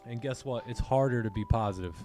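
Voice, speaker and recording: Male stream host, mellow tone, chatty motivational storyteller, faint music bed. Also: mid-range voice, fast talker. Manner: animated storyteller, repeats "right?" and "man". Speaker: trading livestream host. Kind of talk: casual motivational chat.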